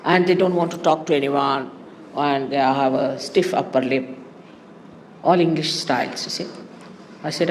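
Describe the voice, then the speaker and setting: A woman giving a spiritual talk to her followers in an animated, teasing way, often laughing. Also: rumbling low, moderate pace, pauses often, in a large hall, slight background noise. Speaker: spiritual teacher.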